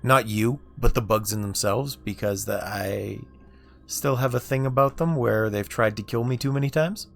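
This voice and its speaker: Gravelly man chatting over his game. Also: on the low side, moderate pace, soft background music. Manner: chatty, laughing, musing aloud while playing. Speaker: streamer. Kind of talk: casual gameplay livestream chat.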